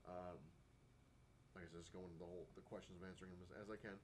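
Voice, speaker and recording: A chatty man rambles through his comic collecting stories in a casual talking-to-camera vlog. His voice sits a little low, and he leans on fillers and acted-out quotes. A faint hum of room noise runs underneath. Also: level tone, quick pace.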